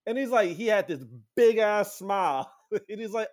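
A man with a slightly high voice tells a story in loose, profane podcast chat. He acts out other people's lines, jumping up into a much higher voice for the quotes. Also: quick pace. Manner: animated, acts out quotes with sudden high-pitched voices, swears freely.

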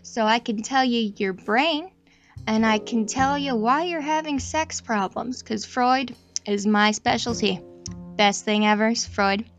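Young female host, fairly high voice, casual self-deprecating chatter over faint background music. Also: measured pace. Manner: chatty, self-deprecating, meandering with frequent restarts. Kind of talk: casual rambling chat.

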